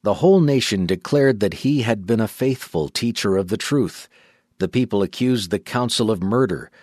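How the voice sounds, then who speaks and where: A man giving a measured, solemn audiobook narration. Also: lowish voice, a little mellow, dry recording, studio quality.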